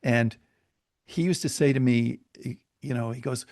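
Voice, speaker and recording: Guest: middle-aged man, medium pitch, easygoing storyteller. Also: normal speed, dry recording, studio quality. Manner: relaxed anecdotal storyteller. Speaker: podcast guest, marketing expert. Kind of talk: casual interview storytelling.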